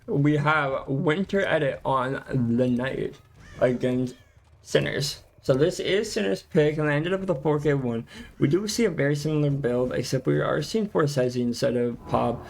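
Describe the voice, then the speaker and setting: Higher-voiced male esports caster. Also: creaky, slight background noise. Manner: chatty, self-correcting, quick exclamations. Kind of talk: live play-by-play game commentary.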